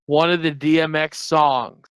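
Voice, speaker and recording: A male guest on a casual stream chat, throwing out playful wisecracks. His voice sits a little high and comes across smooth and resonant in a dry sound. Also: fairly even intonation, measured pace, fairly bright tone, no echo, poor audio.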